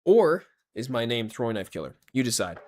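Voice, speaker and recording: Guy streaming a shooter, chatty and jokey, voice bouncing all over in pitch. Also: big pitch swings, brisk. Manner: chatty, jokey, talks to viewers directly. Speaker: game streamer. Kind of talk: casual livestream chat over gameplay.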